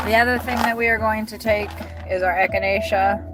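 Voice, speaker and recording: Driving deliveries, this woman livestreams from her car, rambling, cursing and thinking out loud in casual chat with viewers. Her mid-range voice is steady and brisk, and loud music sits behind it.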